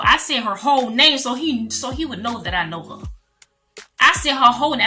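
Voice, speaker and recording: Animated woman telling a storytime vlog. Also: fairly high pitch, fast talker, soft background music. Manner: animated, talks straight to viewers, calls them y'all. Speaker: vlogger.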